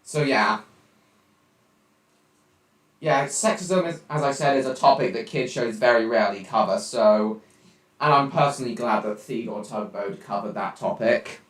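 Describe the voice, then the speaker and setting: A teenage boy live streaming from home, chatting casually and reacting out loud to his viewers' chat messages. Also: mid-range voice, normal speed, pauses often. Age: teens. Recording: roomy, distant mic.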